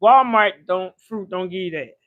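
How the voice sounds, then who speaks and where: A woman's voice: medium pitch, moderate pace, no room sound, phone-quality sound. An older woman hosting a casual livestream from her home kitchen, a chatty, slangy storyteller who laughs often. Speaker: livestream host. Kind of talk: casual live-stream chat while cooking.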